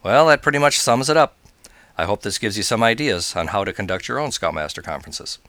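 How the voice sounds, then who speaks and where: A man hosting a scouting show, calmly talking through advice and telling a joke story. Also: fairly low pitch, fairly quick, noisy background. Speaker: scoutmaster, podcast host.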